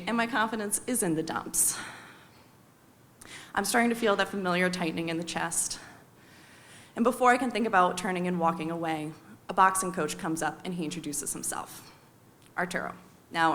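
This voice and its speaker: American woman, 30s, live storyteller; wry, confessional, lively when quoting others. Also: medium pitch, a little hiss or hum. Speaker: storyteller on stage. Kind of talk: personal storytelling performance.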